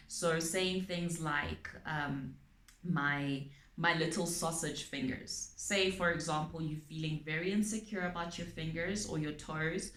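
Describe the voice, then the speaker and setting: A woman calmly explaining her topic to viewers, using everyday examples and frequent pauses and ums. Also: low voice. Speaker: channel host on abuse awareness. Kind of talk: explanatory talk to camera. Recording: echoey room.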